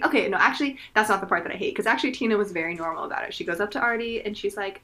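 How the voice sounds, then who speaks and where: A woman co-hosting a casual podcast chat, animated and quick to act out characters' lines. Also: medium pitch. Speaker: podcast co-host.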